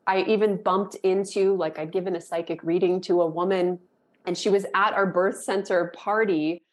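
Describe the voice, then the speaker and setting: A woman's voice: fairly low pitch, moderate pace. Effusive woman telling her story. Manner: animated, rambling, switches into dramatic quoted voices; emotional and effusive. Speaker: podcast guest. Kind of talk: casual interview storytelling.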